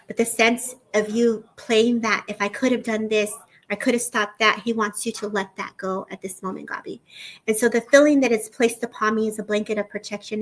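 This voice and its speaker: An earnest woman talks in a soft, even voice as she gives a psychic reading. Her pitch sits in the middle of the range. She keeps coming back to "I feel like" as she relays the impressions she is receiving, in the loose style of a live stream. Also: low-quality recording. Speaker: psychic medium host.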